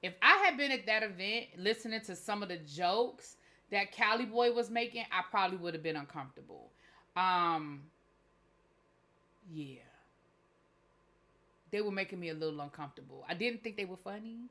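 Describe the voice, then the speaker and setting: A woman's voice: mid-range voice, animated, moderate pace, long pauses, sharp tone. A woman giving a casual, candid recap of a reality show, talking in loose, informal grammar and restarting her sentences often. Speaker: TV show reviewer.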